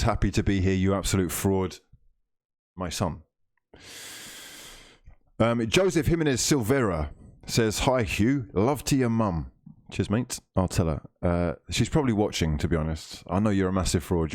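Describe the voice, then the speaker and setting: A man's voice: mid-range voice, darkish tone, no room sound, clean studio sound. A man hosting a live stream, reading viewer comments aloud in a playful, mock-grand way.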